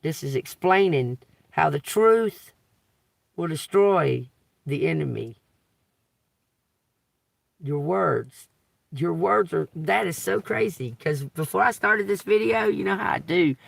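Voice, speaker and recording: On a tarot livestream, a man who works as a tarot reader reads scripture and then riffs on it casually, asking "okay?" again and again. He is emphatic, swearing and laughing as he preaches. His voice is a little high, expressive and creaky, slow with long pauses, on a dry recording.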